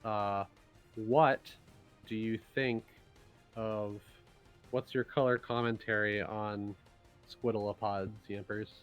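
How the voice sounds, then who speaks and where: A man's voice: fairly low pitch, flat delivery, slow pace, long pauses, muffled recording, faint music behind. A man hosting a casual livestream as a game designer, explaining game cards in loose, rambling talk. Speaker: game designer and stream host.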